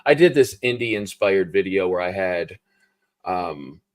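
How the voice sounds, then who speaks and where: A man's voice: low-pitched, lively intonation, unhurried. A man from Ohio with an Ohio American accent, hosting a casual book interview with lots of fillers and laughs. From Ohio, USA. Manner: rambling, laughs often, many fillers. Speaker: book channel host.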